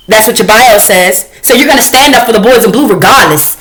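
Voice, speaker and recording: A woman's voice: medium pitch, lively intonation, normal speed, fairly bright tone, a little hiss or hum, rough recording. A woman hosting a reaction commentary, talking in an angry, confrontational and profane way. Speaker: commentary host.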